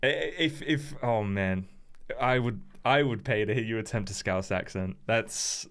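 A man's voice: on the low side, a little slow, fairly bright tone, clean tone. A young man hosting a casual chat, rambling and hedging with lots of fillers and restarts. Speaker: podcast host.

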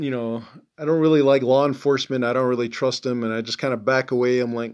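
A man's voice: mid-range voice, steady tone, fast, a little mellow. A man hosting a podcast, talking casually in a blunt, profane, rambling way with lots of fillers. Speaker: podcast host. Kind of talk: casual monologue.

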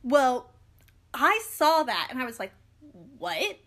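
A young woman co-hosting a podcast, chatting casually and ranting in animated bursts with quick asides. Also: high-pitched. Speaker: podcast co-host. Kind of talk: casual chat.

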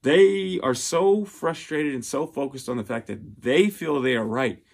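A man with a medium-pitched, gravelly, slightly mellow voice speaks at a measured pace. He delivers a personal motivational monologue of heartfelt advice, earnest and full of restarts and fillers, and he's getting emotional.

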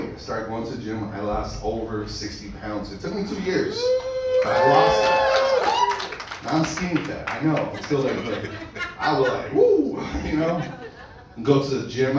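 A man's voice: medium pitch, normal speed. A man doing a crude, rambling stand-up set, swearing a lot, laughing at his own jokes and a bit out of breath. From Mexican heritage. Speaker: stand-up comedian. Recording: echoey room, mic far off, loud noise.

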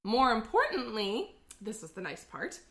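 Bright-voiced woman sharing trivia. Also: fairly high pitch, very animated, measured pace. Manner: chatty, lots of fillers, explains phrase origins. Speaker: podcast co-host. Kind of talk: casual chat sharing trivia.

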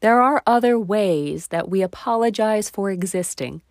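A woman's voice: medium pitch, lively intonation, normal speed, dry recording. A woman talking straight to her viewers in a reflective monologue, asking rhetorical questions and poking fun at herself. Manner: self-deprecating, asks the listener rhetorical questions.

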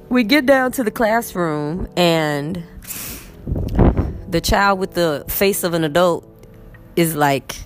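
A woman teacher with a Texan accent telling a story in a casual, animated vlog from her bed. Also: mid-range voice. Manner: animated, chatty, acts out quotes. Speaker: English teacher. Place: in bed at home.

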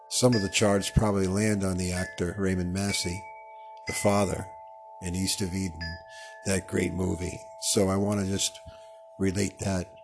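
A man's voice: low voice, flat delivery, moderate pace, vocal fry, over music. A man hosting a live radio meditation show, talking in a meandering, digressive way and fumbling and correcting his own words as he goes. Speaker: radio host. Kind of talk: rambling meditation monologue.

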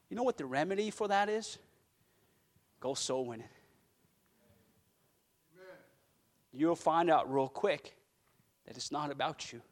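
A high-pitched man preaching a sermon as a pastor. He builds to loud, fervent declarations, then drops into soft, earnest asides to the congregation. The voice sits well above the usual male range.

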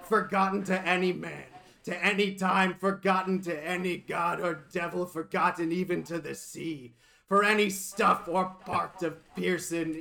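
Man doing a gravelly, raging old lighthouse keeper. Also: pushed and bright, heavily acted. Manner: theatrical, drawn-out booming delivery.

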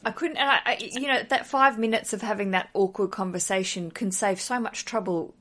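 A woman's voice: mid-range voice, brisk, a bit bright. A woman hosting a podcast interview, chatty and enthusiastic, asking long rambling questions. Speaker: podcast host.

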